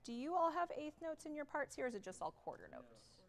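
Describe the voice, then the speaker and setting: This woman talks fast in a high, sing-song voice as she coaches a wind band in rehearsal. Upbeat and direct, she counts the players in and sings out the sound she wants. It was captured on a theatre stage via livestream, with long hall reverb.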